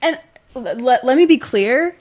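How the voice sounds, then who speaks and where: A woman's voice: high voice, lively intonation, a little slow, darkish tone. A young woman co-hosting a talk show, speaking earnestly in casual chat, full of "like" fillers and getting emotional. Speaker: co-host.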